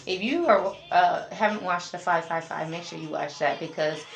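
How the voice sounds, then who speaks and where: A woman's voice: on the low side, moderate pace, gravelly. A woman giving a casual tarot reading, chatty and talking straight to her viewers as a group. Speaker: tarot reader. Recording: roomy echo, faint music behind.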